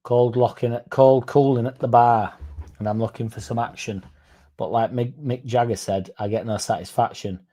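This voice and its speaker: A man's voice: mid-range voice, fairly even intonation, normal speed, mellow. A man hosting a casual livestream, rambling, swearing and chatting to viewers by name. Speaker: fan channel livestream host.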